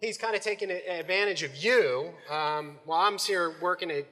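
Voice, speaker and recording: A man volunteering in an improvised skit, halting and laughing with fillers. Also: high-pitched, bright, forceful tone. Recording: hall reverb with crowd.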